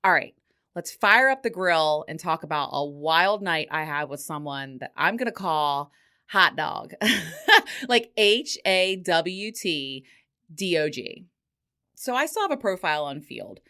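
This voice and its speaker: A woman's voice: sits low, big pitch swings, unhurried, pushed and bright. A middle-aged woman hosting a podcast, telling a story casually and swearing freely, with frequent laughter. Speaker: podcast host.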